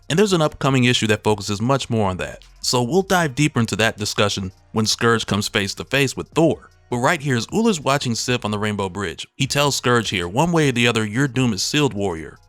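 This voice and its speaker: A man's voice: mid-range voice, dry recording. A man hosting a comic book recap channel, narrating in a casual, conversational way. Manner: conversational and relaxed.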